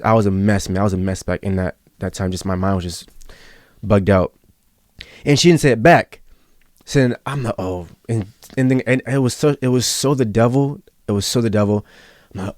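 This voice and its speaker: A man's voice: mid-range voice, darkish tone, no room sound, clean studio sound. A young man hosting a podcast in casual chat, earnest and rambling as he tells a personal story. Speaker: podcast host.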